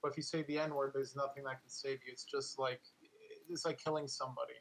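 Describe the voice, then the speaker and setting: A man's voice: mid-range voice, little pitch movement, fast talker, fairly bright tone, slight background noise, rough recording. A man co-hosting a podcast in casual political chat, rambling and full of filler words.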